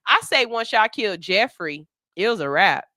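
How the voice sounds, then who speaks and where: A woman's voice: mid-range voice, expressive, normal speed, bright, forceful tone, no echo. A woman hosting a morning radio show in a studio, talking candidly with plenty of cursing and a pep-talk tone while reading listener comments.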